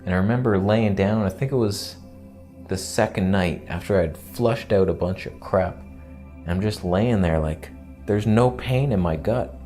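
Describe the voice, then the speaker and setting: Male vlogger, casual and rambling, low-pitched, self-mocking humor. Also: measured pace, warm tone, soft background music. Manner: candid, joking, rambling. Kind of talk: casual vlog monologue.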